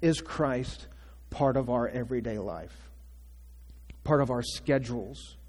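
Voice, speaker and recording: A man's voice: medium pitch, unhurried, darkish tone. A male pastor preaching a conversational sermon, asking the congregation questions and acting out quotes. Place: church sanctuary. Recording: long church reverb.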